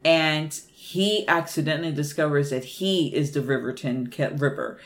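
Animated, profane woman retelling a movie. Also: sits low, moderate pace. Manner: animated, profane, laughing storyteller. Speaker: podcast co-host. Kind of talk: casual movie recap.

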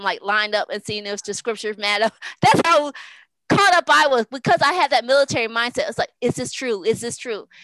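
Earnest woman guest, high-ish voice, talks in loose rambling runs, dry recording. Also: sharp tone, no echo, poor audio. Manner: rambling, earnest, many restarts and repeated words. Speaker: podcast guest. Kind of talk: casual interview talk.

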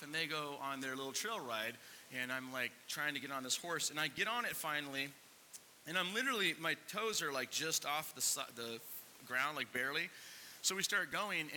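A man's voice: fairly high pitch, bright, forceful tone, in a large hall, slight background noise, rough recording. A man, a pastor, telling a funny personal story to his congregation and then leading a prayer, with lots of fillers and restarts. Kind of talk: sermon.

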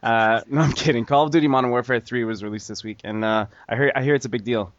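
A man's voice: mid-range voice, fairly even intonation, fast, dry recording, lo-fi sound. A man hosting a casual gaming podcast, joking and laughing often as he leads the chat. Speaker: podcast host.

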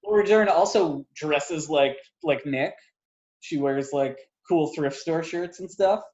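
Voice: medium pitch, slow, darkish tone. Podcast co-host, casual movie chat, rambling, filler-heavy, slightly muffled lo-fi sound. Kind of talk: casual film review chat.

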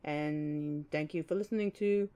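A woman's voice: low-pitched, unhurried, mellow. A woman hosting her own podcast, talking to listeners in a loose, rambling, chatty way. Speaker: podcast host. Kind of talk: casual solo podcast monologue.

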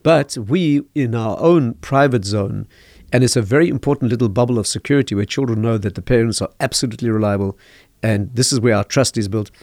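Older man, rabbi, gravelly voice, dry close sound, unhurried storytelling. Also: mid-range voice, darkish tone, no room sound. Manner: measured, storytelling, chuckles at own anecdotes. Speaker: rabbi, guest teacher. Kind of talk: podcast interview, explanatory.

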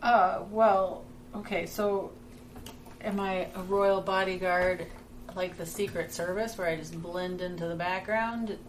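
Lowish woman player, hesitant, far from mic, noisy. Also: fairly even intonation, unhurried. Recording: distant, noisy.

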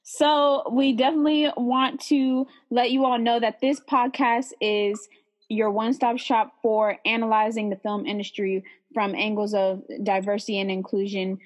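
A woman's voice: a little high, moderate pace. Chatty young woman podcast co-host. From San Francisco Bay Area. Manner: relaxed, chatty, many fillers and likes. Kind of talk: casual podcast chat.

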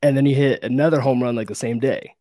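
A male host asking questions in a casual, excited way, cursing now and then. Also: mid-range voice, fast, no echo, studio quality. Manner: casual, excited, swears freely. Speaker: podcast host. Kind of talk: casual interview chat.

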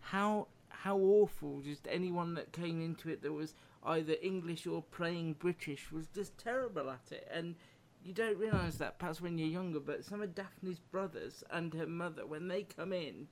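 A man co-hosting a podcast in easy, conversational chat, his voice sitting a little high. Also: moderate pace. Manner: casual, conversational. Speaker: podcast co-host. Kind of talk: casual chat.

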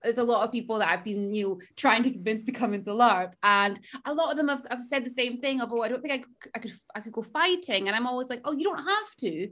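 A woman's voice: a little high, fast talker, hardly any pauses, a bit bright. A woman co-hosting a podcast, chatting enthusiastically and laughing as she tells stories. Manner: enthusiastic, laughs while talking. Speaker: podcast co-host. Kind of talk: casual chat.

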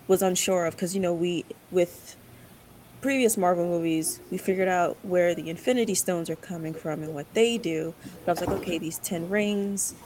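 A woman's voice: lowish voice, darkish tone, a little hiss or hum, poor audio. A woman giving her views in a casual group chat, hesitant and full of fillers. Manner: thoughtful, hesitant with many fillers. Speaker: podcast panelist.

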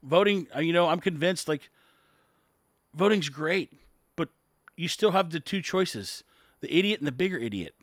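A man's voice: on the high side, animated, normal speed, long pauses, fairly bright tone, no echo, clean studio sound. An American man and business owner ranting bluntly about politics to camera, exasperated and emphatic. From United States. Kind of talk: casual political rant to camera.

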